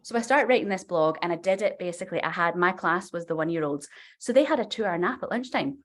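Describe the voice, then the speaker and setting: A woman in her forties, a novelist guest on a podcast, telling a story in a chatty, animated way full of fillers. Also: fairly low pitch, fast. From Scotland.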